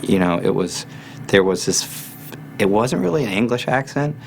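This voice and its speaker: A man's voice: fairly low pitch, lively intonation, normal speed, vocal fry, a little hiss or hum. A man giving a reflective documentary interview about the old film industry. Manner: reflective, thoughtful explanation.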